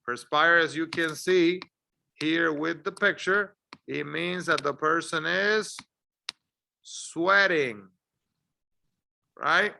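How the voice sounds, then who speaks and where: Slow, very bright-voiced male teacher. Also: on the high side. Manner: encouraging, drills words clearly for learners to repeat. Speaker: ESL teacher. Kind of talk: slow, deliberate English lesson.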